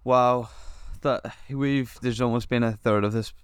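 A man's voice: medium pitch, fairly even intonation, smooth, no echo. Joking man, dry sound. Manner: joking, teasing, quick with crude jokes. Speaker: podcast co-host. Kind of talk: casual podcast banter.

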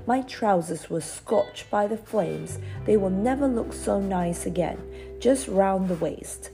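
A woman's voice: mid-range voice, slow, vocal fry, music in the background. A woman voicing a gloomy boy toy named Tom in a storybook reading.

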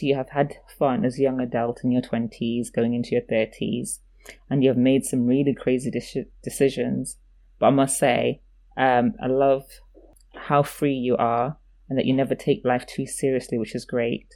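A woman's voice: very deep voice, dark tone. A woman on a casual chat show, reading aloud an encouraging letter to her younger self.

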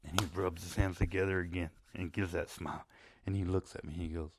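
A man's voice: deep voice, fairly even intonation, brisk, background noise. A man telling a rambling, profane story about a friend, swearing freely and chuckling at himself. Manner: rambling, swearing, laughing at his own story.

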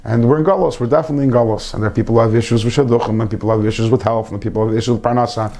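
A man's voice: mid-range voice, steady tone, very fast, warm tone. A man giving an informal Torah lesson to a small group, earnest, repeating phrases and mixing in Hebrew terms. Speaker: Torah class teacher.

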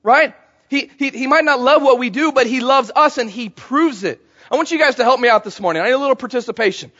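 Male pastor, high voice, conversational sermon, calls on congregation, muffled lo-fi sound. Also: fast, sharp tone. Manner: conversational, calls for audience response. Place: church service before a congregation.

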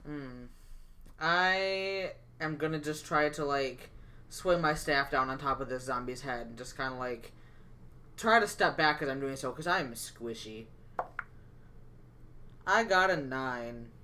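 Casual: dude at the d&d table, talks slow, bright voice, kinda self-deprecating. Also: male voice, mid-range voice, expressive. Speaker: player.

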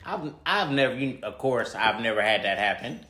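Bright, lively man with a bouncy voice. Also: mid-range voice, normal speed. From Houston, USA. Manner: lively, joking, self-deprecating. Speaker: podcast co-host. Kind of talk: casual storytelling chat. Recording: echoey room.

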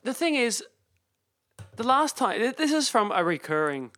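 A man's voice: extremely high pitch, sing-song, normal speed, fairly bright tone, no room sound, clean studio sound. A man co-hosting a podcast in casual chat, rambling with stammering restarts and laughing easily. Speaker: podcast co-host.

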